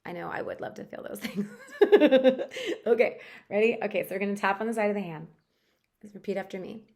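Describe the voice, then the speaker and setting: A woman guiding a tapping session for stress relief, talking in a gentle, chatty coaching way with a few fillers. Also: mid-range voice, steady tone, quick pace, vocal fry. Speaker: tapping practitioner.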